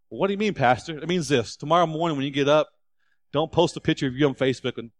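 A man preaching a sermon as a pastor, animated and climbing into loud, emphatic stretches. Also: a little high, quick pace, dry recording, studio quality.

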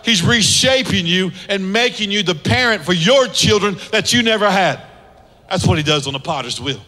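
A male pastor preaches a sermon in a high, ringing voice with a bright, forceful edge, animated and at normal speed. He's emphatic, hammering points home with repeated phrases that build into rising exhortations. A large church hall adds long reverb behind every line.

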